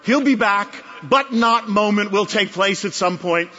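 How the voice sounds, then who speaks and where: Man, pastor's sermon, emphatic, repetitive phrasing, high voice, long hall reverb. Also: measured pace, pushed and bright. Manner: emphatic, repeating phrases for effect. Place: large conference hall. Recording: dull recording in a reverberant hall.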